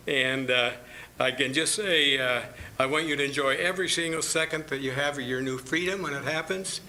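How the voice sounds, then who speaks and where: Bright-voiced board chair, halting. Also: male voice, a little high, slight background noise, rough recording. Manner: hesitant, many fillers and restarts. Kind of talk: meeting remarks. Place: meeting room.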